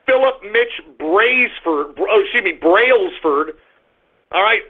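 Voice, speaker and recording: A man hosting an internet talk radio show, ranting loudly and cursing. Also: sits high, expressive, slow. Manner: ranting, profane, loud outbursts. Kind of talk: call-in talk radio monologue. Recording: tinny phone-line sound.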